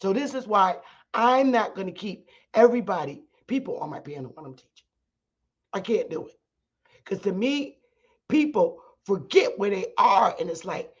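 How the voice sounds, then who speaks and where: A middle-aged woman holds forth on her own livestream, blunt and combative, cursing freely as she lays down her rules. Her voice has a husky, breathy edge. The audio comes through dull and lo-fi. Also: mid-range voice, lively intonation, moderate pace. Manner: blunt, profane and combative, rising to shouts. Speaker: channel host teaching her audience. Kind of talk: heated livestream monologue.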